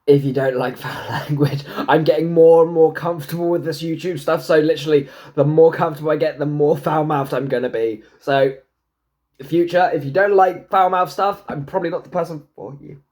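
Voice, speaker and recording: A man giving a casual tarot reading to camera, swearing freely and joking with himself. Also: brisk. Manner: chatty, swears freely, jokes to himself, talks back to the universe; lively pitch, swoops high into silly put-on voices. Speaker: tarot and numerology reader.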